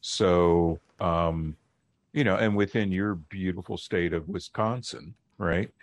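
A middle-aged man, a linguist guest on a radio interview, explaining in a measured, lecturing way and slowing down to stress key words. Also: sits low, no echo.

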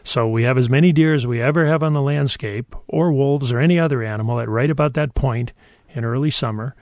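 A man's voice: mid-range voice, fairly quick, darkish tone, no room sound, studio quality. A man who is a wildlife expert guest, answering callers on a radio call-in show in a thoughtful, explanatory way with some hesitations.

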